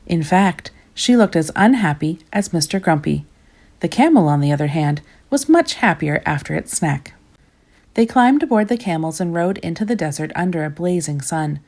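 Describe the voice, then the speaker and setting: Gentle woman reading a children's story. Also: low voice. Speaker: storybook reader.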